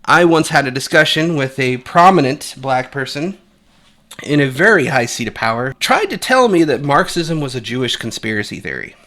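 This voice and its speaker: Guy ranting on his channel, bright edgy voice, swears, restarts a lot. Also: mid-range voice, very animated, moderate pace. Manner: blunt and profane, rambling with restarts. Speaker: commentary channel host. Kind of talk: opinionated casual commentary.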